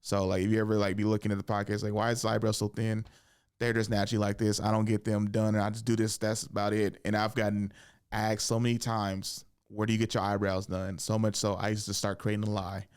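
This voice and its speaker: A man's voice: on the low side, flat delivery, fast, clean tone. Laid-back young man telling profane stories. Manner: loose, profane and laughing, acts out voices in stories. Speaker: podcast host. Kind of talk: casual storytelling monologue.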